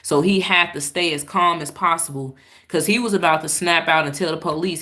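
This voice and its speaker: A woman's voice: sits low, normal speed, fairly bright tone. Fields Sex: woman. Origin: Chicago. Role: live-stream commentator. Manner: blunt and exasperated. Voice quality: blunt, exasperated, swears freely.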